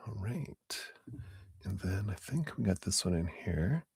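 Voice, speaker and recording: A man with a deep, low-set voice gives a live tarot reading in unhurried, drawn-out phrases. He rambles casually, leaning on "you know" fillers and soft chuckles. The sound is dry and close, with no room around it. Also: sing-song, vocal fry, breathy edge, dry recording. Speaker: tarot reader hosting a live stream.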